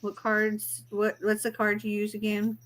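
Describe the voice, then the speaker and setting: A woman's voice: mid-range voice, monotone, measured pace. Chatty woman hosting a live stream. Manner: chatty, laughs often, reads comments aloud. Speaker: live show host reading chat comments. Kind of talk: casual live-stream chat.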